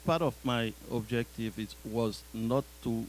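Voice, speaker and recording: A man's voice: medium pitch, measured pace, a little mellow, slight background noise, low-quality recording. A man on a live community panel who speaks with a self-deprecating, joking manner. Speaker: parent panelist.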